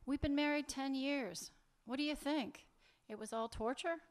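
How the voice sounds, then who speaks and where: A sharp-tongued woman caught in a secret affair, read aloud by a woman at a live fiction reading. Her voice sits a little high, and she answers with cutting, impatient sarcasm. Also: normal speed, lightly acted. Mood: bitter. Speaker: reader of a story's dialogue.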